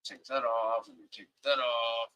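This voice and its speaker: A man's voice: medium pitch, steady tone, unhurried, sharp tone, low-quality recording. A man with a Southern accent hosting a casual livestream, rambling and heated, often apologizing to his viewers. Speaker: livestream host. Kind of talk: casual live-stream commentary. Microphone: webcam setup.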